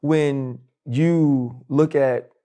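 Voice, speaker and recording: A man hosting a podcast interview, asking measured, probing questions. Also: mid-range voice, steady tone, dark tone. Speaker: interview host.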